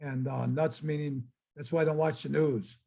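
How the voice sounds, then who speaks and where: A man's voice: fairly high pitch, steady tone, moderate pace, gravelly, dark tone. An older man giving a casual, chatty slideshow talk and exclaiming to his audience as presenter. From United States.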